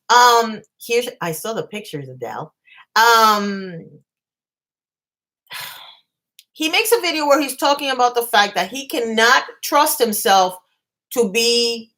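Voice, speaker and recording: A woman's voice: fairly high pitch, bright, forceful tone. A woman hosting a casual live stream from her bedroom, ranting bluntly with swearing and greeting viewers between points. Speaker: commentary channel host.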